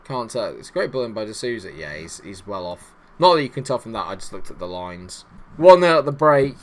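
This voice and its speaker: A man's voice: animated, brisk. Chatty man commentating a game. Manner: chatty and self-mocking, swinging between low mutters and loud exasperated outbursts. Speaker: gaming YouTuber. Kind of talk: casual gameplay commentary.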